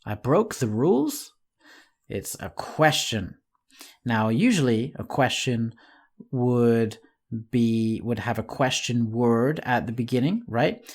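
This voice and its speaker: A man teaching an online English lesson in a friendly, patient way, speaking slowly and clearly to the viewer. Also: medium pitch.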